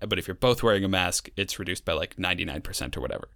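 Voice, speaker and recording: A young man with a lowish voice, recorded close and dry, chatting on a podcast. He talks in a wry, sarcastic way and rambles easily through his stories. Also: racing, a bit bright, no room sound. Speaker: podcast co-host. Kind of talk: casual chat.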